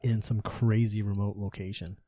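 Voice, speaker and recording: A man with a low, mellow voice hosting a podcast, telling stories in an animated, casual way with frequent swearing. The recording is dry and close to the mic. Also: moderate pace, no room sound. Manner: animated, swearing, laughing storyteller. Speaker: podcast host. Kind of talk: casual chat.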